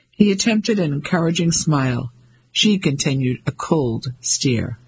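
A man narrating a novel in measured, scripted storytelling. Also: on the high side, animated, breathy edge, poor audio. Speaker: audiobook narrator.

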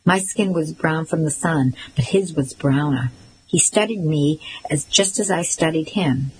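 A woman narrating a first-person story in a measured, even reading. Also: low-pitched, a little hiss or hum, rough recording. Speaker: audiobook narrator.

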